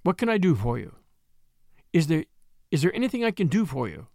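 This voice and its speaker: A man voicing a calm, kind-seeming gentleman who speaks gently and reassuringly. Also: a little high, normal speed, no room sound, clean studio sound.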